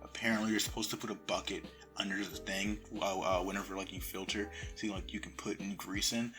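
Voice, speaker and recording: A man's voice: low voice, steady tone, fairly quick, pushed and bright. A young man casually telling a rambling, profane story about his past, laughing often, recorded on a phone. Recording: phone recording with crackles and faint music.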